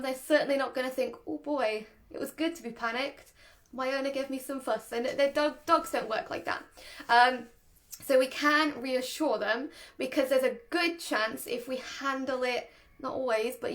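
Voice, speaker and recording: A woman's voice: sits high, fairly bright tone. A woman, a dog trainer, giving a chatty, casual lesson and often laughing. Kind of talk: casual instructional talk.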